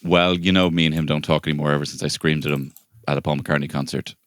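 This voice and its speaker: A man's voice: fast, no echo, clean studio sound. A man co-hosting a casual comedy chat, telling stories with lots of swearing. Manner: animated storyteller, swears freely, breaks into high shouted impressions. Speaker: podcast co-host.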